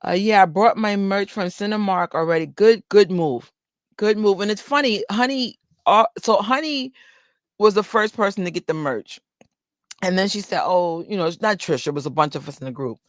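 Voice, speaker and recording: A woman's voice: medium pitch, a little fast, no echo, studio quality. A woman vlogger from New York chatting casually to her viewers, telling rambling stories full of fillers and asides. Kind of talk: casual livestream chat. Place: indoors under a bright light.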